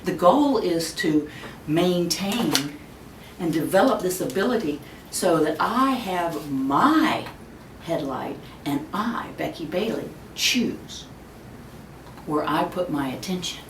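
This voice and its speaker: A woman in her fifties giving a webinar talk, telling stories in an animated way and acting out the voices she quotes. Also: slow pace. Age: 50s. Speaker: speaker on child discipline. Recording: echoey room, distant mic, faint rumble.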